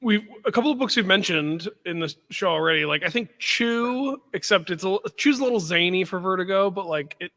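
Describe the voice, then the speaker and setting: A man's voice: high-pitched, pushed and bright. A man who is a guest on a podcast, chatting casually in a playful, jokey way. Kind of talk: casual chat.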